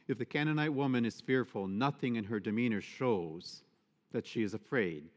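Male priest, sermon, expressive rhetorical preaching, mid-pitched voice, long church reverb. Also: moderate pace.

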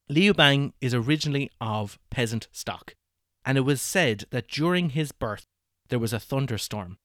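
A man's voice: mid-range voice, dry recording, studio quality. A man hosting a podcast, telling a history story in casual chat, often laughing and acting out what people said. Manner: animated, laughs often, acts out quotes.

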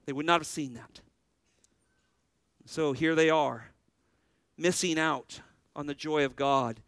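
A man's voice: on the high side, takes it slowly, fairly bright tone, smooth, dry recording, low-quality recording. A male pastor preaching a sermon, earnestly putting questions to his congregation.

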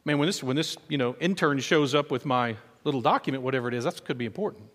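A man preaching a sermon as pastor, telling stories in an animated way and acting out the voices of people he quotes. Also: mid-range voice, quick pace, long reverb tail.

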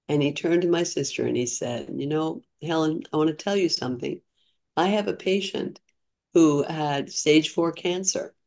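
A woman's voice: low-pitched, a little mellow. Older woman telling her story. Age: 60s. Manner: chatty, earnest, frequent restarts. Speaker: podcast guest. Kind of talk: casual storytelling interview.

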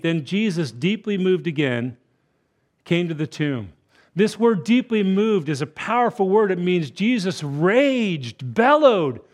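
A man in the pulpit preaching, his voice sitting a touch high for a man. He drops into quiet, gentle tones and then builds to loud, ringing emphasis. Now and then he acts out quoted voices to drive a point home. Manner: swings from soft, hushed consolation to loud, bellowing emphasis. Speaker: guest preacher. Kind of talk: sermon. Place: church sanctuary.

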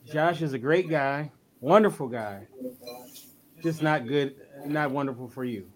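A man's voice: a little high, measured pace. A man hosting a talk show, upbeat and playful as he sets up a segment. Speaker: host.

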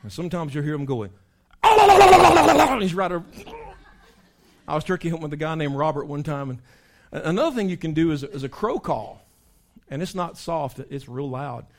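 A man, a pastor preaching in a folksy, animated storytelling way, breaking into animal call imitations. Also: fairly high pitch, a little fast.

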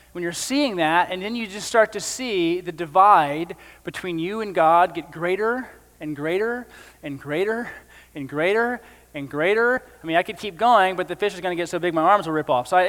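A man's voice: sits high, a bit bright, long reverb tail. A male pastor preaching a sermon in a conversational way, with joking asides.

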